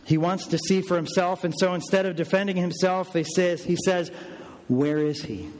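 A man preaching a sermon with emphatic delivery, rising for stress and dropping low for weight. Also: little pitch movement, fairly quick, a little mellow, big-room sound. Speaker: pastor.

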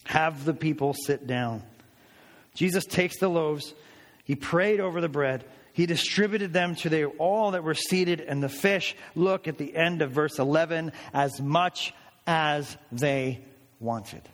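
A man preaches in a lively, conversational way, slipping into different characters' voices as he retells the story. His voice sits a little on the high side. It carries a long, ringing reverb, as if recorded in a large church hall. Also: unhurried. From United States. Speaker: pastor. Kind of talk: sermon.

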